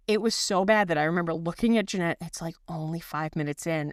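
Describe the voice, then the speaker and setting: A woman's voice: fairly low pitch, brisk, hardly any pauses, clean tone, no room sound, clean studio sound. A woman co-hosting a podcast in casual chat, telling stories with swearing and acted-out quotes. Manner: animated storyteller, swears, acts out quotes. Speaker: podcast co-host.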